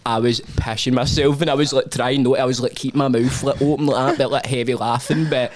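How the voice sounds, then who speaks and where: Sweary young Scottish podcast host. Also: male voice, medium pitch, fairly even intonation, brisk. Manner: sweary, laughing a lot. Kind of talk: casual banter.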